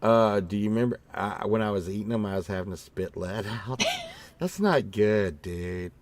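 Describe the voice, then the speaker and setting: A man's voice: fairly low pitch, steady tone, a little fast. A man hosting a casual show, telling meandering stories with lots of fillers and the odd swear word. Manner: acts out his own past remarks in a raised voice. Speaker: host. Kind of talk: casual rambling chat.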